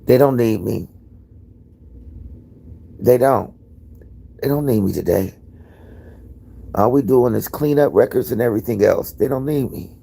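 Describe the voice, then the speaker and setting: Male live-stream host, raspy and gravelly, loose profane storytelling. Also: medium pitch, measured pace, pauses often, dark tone. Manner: candid, profane, rambling storyteller. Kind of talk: casual live-stream chat.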